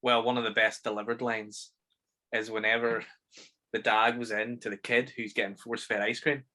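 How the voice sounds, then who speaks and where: A man's voice: fairly low pitch, little pitch movement, moderate pace, bright, forceful tone. A man with a Northern Irish accent co-hosting a podcast, joking wryly and swearing in casual chat. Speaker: podcast co-host. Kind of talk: casual film review chat.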